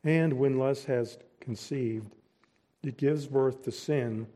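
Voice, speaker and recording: Guy preaching real slow n deliberate, leans hard on key words, mid pitch. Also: dark tone. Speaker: pastor. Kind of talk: sermon.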